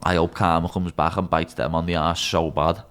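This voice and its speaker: A man's voice: deep voice, little pitch movement, moderate pace, a bit bright, soft background music. A young man in his twenties with a Scouse accent, a guest on a podcast, talking bluntly and candidly, swearing freely and calling everyone "lad". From Liverpool, England. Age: 20s. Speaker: guest, MMA fighter.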